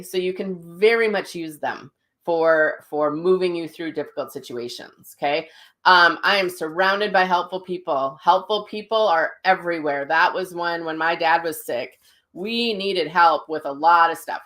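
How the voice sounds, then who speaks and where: A woman's voice: deep voice, fairly bright tone. A middle-aged woman hosting a casual livestream as a psychic medium, telling stories with lots of ums and restarts. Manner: chatty storytelling with many fillers and restarts.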